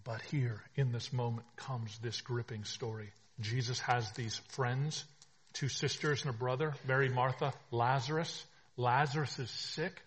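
Man, pastor, husky voice, sermon delivery, shifts from quiet to emphatic. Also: medium pitch. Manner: preaching with swells from hushed to emphatic.

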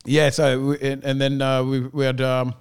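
A man, the gym's owner, talks casually and tells stories with lots of energy. He swears freely and acts out the lines of the people in them. His voice is smooth and resonant, at a middle pitch. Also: normal speed. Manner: animated storyteller, swearing freely, acting out quotes. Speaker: gym owner. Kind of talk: casual chat.

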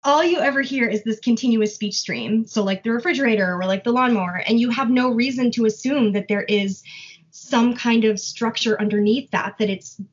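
A woman's voice: fairly high pitch, normal speed, husky. A woman researcher who studies how babies learn language, explaining the research patiently in conversation and thinking aloud through examples. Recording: dull lo-fi audio.

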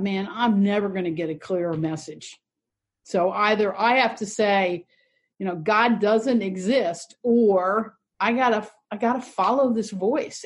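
Husky older woman telling her story. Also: mid-range voice. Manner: reflective, earnest, lightly humorous. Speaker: Episcopal priest, interview guest. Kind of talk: personal storytelling in conversation.

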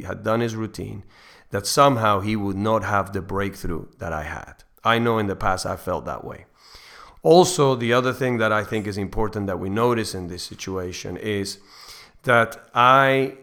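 A man's voice: on the low side, creaky, fairly bright tone. A middle-aged man hosting a faith podcast, earnestly telling a personal story in a rambling way, with frequent restarts. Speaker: podcast host.

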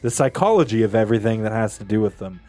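A man's voice: on the low side, fast, soft background music. A man co-hosting a podcast in casual chat, joking and laughing often. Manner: animated, laughs often, jokey asides. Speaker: podcast co-host.

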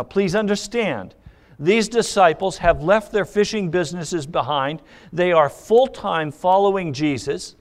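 Male pastor, sermon delivery, voice a bit on the high side, acts out dialogue as he preaches. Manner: preaching with questions, acting out quoted dialogue.

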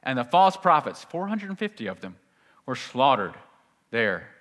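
A man preaching a sermon in church, reading scripture aloud and acting out the people in it with lively energy. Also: mid-range voice, normal speed. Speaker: pastor. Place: church sanctuary. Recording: long reverb of a large hall.

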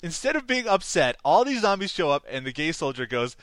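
A man chats casually on a movie podcast, walking through scenes and laughing often. His voice is bright and a little high, with lively swings in pitch. The sound is dry and close. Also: moderate pace, no room sound. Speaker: podcast co-host. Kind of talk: casual movie-review chat.

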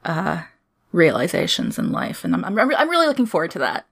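A woman co-hosting a casual podcast, jokey and excitable, with some swearing. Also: fairly low pitch, a little fast, vocal fry, husky. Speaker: podcast co-host.

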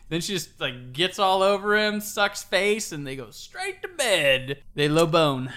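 Animated man hamming up movie scenes. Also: high-pitched, a little slow. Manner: animated, acts out lines in silly voices. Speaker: podcast co-host. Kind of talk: casual movie chat.

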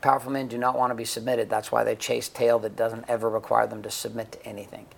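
A man's voice: medium pitch, little pitch movement, fast, creaky. A middle-aged man speaking bluntly and profanely in a candid interview, telling stories with acted-out quotes. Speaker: guest, men's coach and author.

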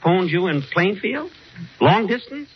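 A man's voice: sits high, very animated, unhurried, breathy edge. A man hosting a 1940s radio comedy as an indignant, exasperated straight man. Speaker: comedy show host. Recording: hissy dull vintage radio recording.

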